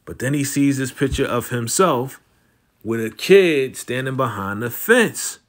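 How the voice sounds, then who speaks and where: A man casually recapping a TV episode, animated and slangy, jumping into the characters' lines as he retells scenes. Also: medium pitch, unhurried. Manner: slangy, conversational, lots of "you know" and "right?". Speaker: TV recap host.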